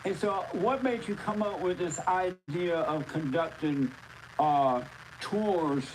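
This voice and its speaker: A man from Alabama with a Southern US accent, opening his show and politely asking an interview question in a slow, plain way. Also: sits high, a little mellow, a little hiss or hum, low-quality recording. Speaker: show host.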